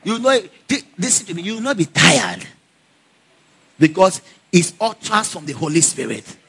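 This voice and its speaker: In a high, husky voice at a moderate pace, a preacher delivers a sermon full of stories. He laughs a lot, stays animated and keeps calling on the congregation to answer back.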